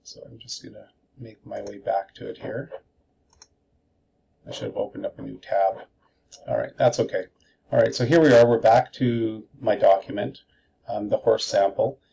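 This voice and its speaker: A man's voice: on the low side, steady tone, moderate pace, creaky, long pauses, warm tone, breathy edge, dull audio. A male teacher giving a screencast tutorial, explaining methodically step by step.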